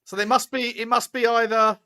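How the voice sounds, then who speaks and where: Bright high man, blunt banter. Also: flat delivery, clear, resonant tone. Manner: blunt, sweary, quick to laugh. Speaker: co-host. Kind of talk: casual football chat.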